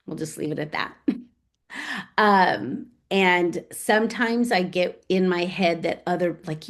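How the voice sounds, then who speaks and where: A middle-aged American woman who is a real estate agent and author tells stories in a casual interview, animatedly acting out conversations she remembers. Her voice is on the low side and slow.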